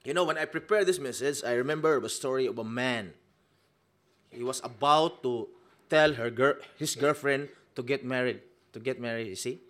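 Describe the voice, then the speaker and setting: A man preaching a sermon, swinging from hushed lines to loud, emphatic peaks. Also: medium pitch, normal speed.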